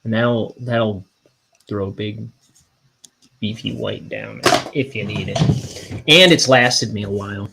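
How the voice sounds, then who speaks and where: A young man, a cartoonist, rambling in a meandering, self-deprecating way with deadpan jokes while he works. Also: mid-range voice, creaky. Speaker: cartoonist inking his graphic novel. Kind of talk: casual rambling studio vlog.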